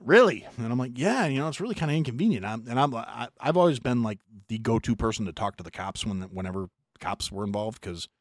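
A middle-aged American man hosting a podcast, telling a long story in a profane, animated way with mock voices. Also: mid-range voice, fast, no echo, clean studio sound. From United States. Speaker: podcast host. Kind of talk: casual storytelling chat.

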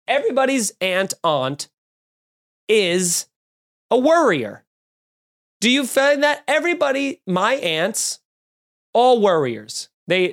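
A podcast host talking in a rambling, profane, mock-exasperated comedic way. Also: medium pitch. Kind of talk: casual comedic chat.

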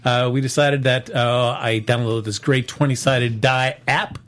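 A man's voice: medium pitch, fairly even intonation, measured pace, fairly bright tone. A man hosting a casual live-streamed movie podcast, chatty, with many fillers and restarts. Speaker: podcast host.

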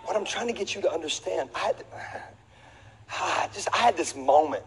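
In a large church auditorium, a middle-aged male pastor tells a comic story during a lively sermon, his voice high and his pace normal. He is animated, acting out voices, laughing, and sometimes breaking into shouts. The recording is a reverberant hall with faint ambience.

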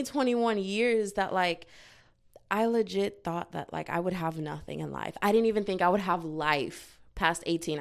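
A young woman speaks into her own mic in a loose confessional vlog. She rambles and leans on "like" constantly, then jumps in with sharp, self-mocking asides. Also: lowish voice. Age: young adult. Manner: rambling, heavy use of "like", self-mocking outbursts. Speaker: vlogger. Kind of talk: casual confessional monologue. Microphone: own microphone.

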